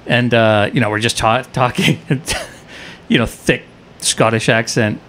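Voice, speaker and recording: Male comedian-actor guest, mid-range voice, relaxed and halting, studio mic. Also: medium pitch, slight background noise. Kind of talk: casual chat, anecdote telling. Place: podcast studio.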